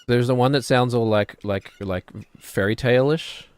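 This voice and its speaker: A man's voice: mid-range voice, measured pace, smooth, no room sound. A man, streaming a game and chattering casually, rambling and joking as he plays. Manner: rambling, jokey, drifts into put-on British voices.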